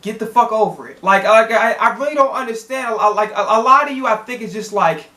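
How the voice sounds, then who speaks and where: A man's voice: high voice, a little fast, sharp tone, echoey room. Heated, profane man ranting about football. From Chicago. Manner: blunt, heated, profane, with frequent restarts. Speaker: sports vlogger. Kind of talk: profane casual sports rant to camera. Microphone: camera in a home setup.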